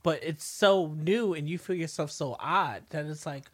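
A woman co-hosting a casual history podcast, thoughtful and drawn-out as she talks things through. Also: sits low. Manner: slow, thoughtful, drawn-out phrasing. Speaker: podcast co-host.

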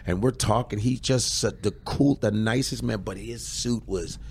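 A man who is a comedian, telling stories in casual podcast chat, animated and swearing, slipping into impressions. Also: lowish voice, normal speed, gravelly, slight background noise. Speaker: comedian guest.

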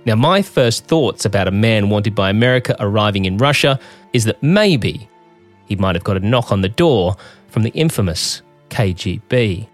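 A man narrating a documentary in a measured, scripted way. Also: lowish voice, lively intonation, soft background music. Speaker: documentary host.

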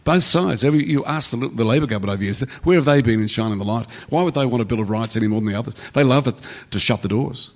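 A man speaking as a journalist on a live panel, emphatic and repetitive, on stage before an audience. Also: mid-range voice. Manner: emphatic, rapid, repeating himself. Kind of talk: panel discussion.

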